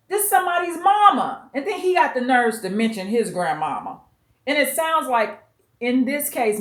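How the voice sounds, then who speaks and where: A woman hosting a vlog, commenting bluntly and emphatically on a clip, with some profanity. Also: on the high side. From US West Coast. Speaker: commentary channel host. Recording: roomy echo.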